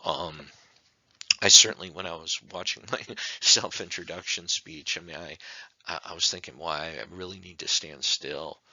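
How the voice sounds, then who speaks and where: A man's voice: deep voice, moderate pace, sharp tone, dry recording, lo-fi sound. A man teaching a speech class in a recorded online lecture, conversational and full of rhetorical questions. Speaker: speech instructor.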